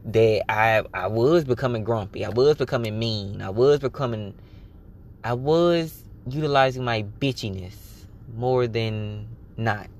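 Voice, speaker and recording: A man of middle pitch talks alone into his podcast mic. His talk is loose and personal. He swears often and slips into lively re-enactments of his own thoughts. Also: a little hiss or hum. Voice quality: candid, swears freely, animated self-quoting. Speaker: podcast host. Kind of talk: casual personal monologue.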